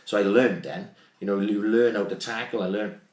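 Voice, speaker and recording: A man's voice: fairly low pitch, steady tone, a little mellow. A man talking bluntly and swearing a lot in a casual podcast chat. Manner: blunt, fast, sweary talk about football. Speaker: podcast guest. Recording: echoey room.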